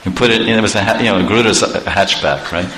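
Bright-voiced preacher telling stories. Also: male voice, lowish voice, fast. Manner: animated, chuckling often, conversational asides. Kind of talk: storytelling sermon. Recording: echoey room, faint background noise.

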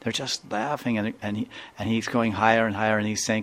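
A man's voice: on the low side, level tone, brisk. A man speaking as a spiritual teacher, giving a devotional talk full of storytelling and repeated phrases. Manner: warm storytelling with repeated phrases and quoted dialogue.

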